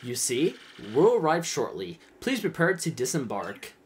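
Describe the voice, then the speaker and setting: A man's voice: fairly high pitch, wildly swooping pitch, unhurried, a little hiss or hum. A man voicing a polite, nervous male ship sailor in a game, courteous and fretful.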